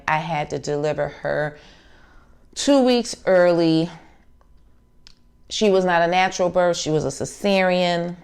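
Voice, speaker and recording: A woman's voice: deep voice, measured pace, clean tone. A woman, telling a personal story casually and earnestly, acting out remembered dialogue on her craft channel. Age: 40s.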